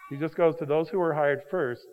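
A man's voice: on the high side, a little fast, highs cut off. A man preaching an expository sermon, explaining the text in a conversational way, with rhetorical questions to his listeners. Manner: paraphrases the text with lively emphasis. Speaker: pastor.

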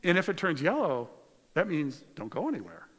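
A man's voice: a little high, wildly swooping pitch, normal speed, a bit bright, breathy edge, long reverb tail, full character voice. A man playing a stern traffic cop in a story within a sermon, firm and matter-of-fact.

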